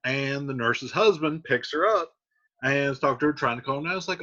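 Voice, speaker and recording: A man's voice: mid-range voice, brisk, pushed and bright. A man reading lines from an old play aloud, then paraphrasing them in casual modern slang, like a teacher. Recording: dull lo-fi sound.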